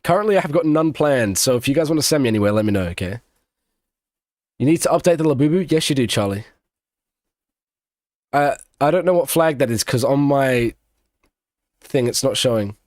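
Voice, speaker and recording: A man's voice: mid-range voice, expressive, brisk, pauses often, a little mellow, dry recording, clean studio sound. Chatty man calling a race stream. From Australia. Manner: chatty, banters with chat between race calls. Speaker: streamer doing live watch-along commentary. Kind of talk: casual live-stream race commentary.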